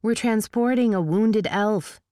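A woman's voice: mid-range voice, measured pace, dry recording, clean studio sound, pitched above the performer's own voice, natural voice. A woman reading a novel aloud, voicing a young heroine who speaks firmly and defiantly. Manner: firm, shouting commands. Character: young woman, fierce and defiant under pressure.

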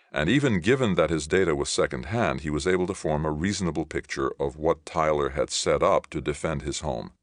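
A man giving a steady, measured audiobook reading of a science fiction novel. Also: rumbling low, no echo, studio quality. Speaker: audiobook reader. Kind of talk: scripted narration.

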